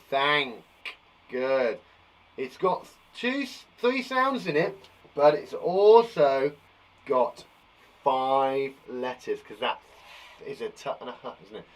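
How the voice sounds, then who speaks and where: Man, primary teacher, phonics lesson, encouraging, sounds out letters, sing-song pitch, slow pace. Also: low-quality recording. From England. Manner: lively, encouraging, sounds out letters slowly and stamps on sounds. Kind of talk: live phonics lesson for young children.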